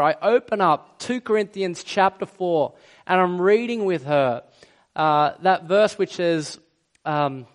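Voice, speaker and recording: A middle-aged man delivers a sermon in a fairly high, light voice. He speaks earnestly and slows right down to lean on the words that matter most. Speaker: pastor.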